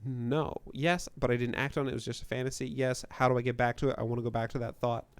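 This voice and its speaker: A man live-streaming a video game, chatting with viewers and reading lines aloud, loud and animated and laughing often. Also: medium pitch, fast, clean tone, no echo. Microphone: desk mic with limiter.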